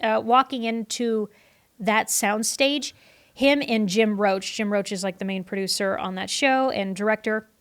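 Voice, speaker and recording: Chatty woman telling animated stories. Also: mid-range voice, a little slow. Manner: animated, chatty, often breaks into laughs. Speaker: guest, horror host and vintage performer. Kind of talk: casual interview storytelling.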